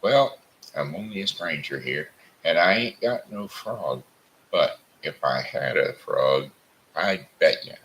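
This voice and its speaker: A man voicing a shrewd wandering stranger who talks in a measured, doubtful way. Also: very deep voice, lively intonation, a bit bright, a little hiss or hum, exaggerated voice, poor audio. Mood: wistful.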